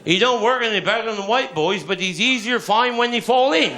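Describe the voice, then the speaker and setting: A man's voice: sits high, a little fast, over a noisy crowd, very noisy. A man with a Cornish accent telling rambling, bawdy stand-up stories in broad dialect at a live show. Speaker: comedian. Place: live show before an audience. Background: audience laughter.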